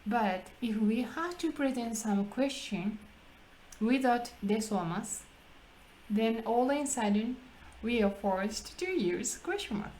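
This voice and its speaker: Wanita beraksen Jepang menjelaskan tata bahasa. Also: female voice, a little high, animated, slow pace, darkish tone, a little hiss or hum, rough recording. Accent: Japanese. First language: Japanese. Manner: explains step by step, asks rhetorical questions. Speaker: English practice host. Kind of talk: casual teaching chat.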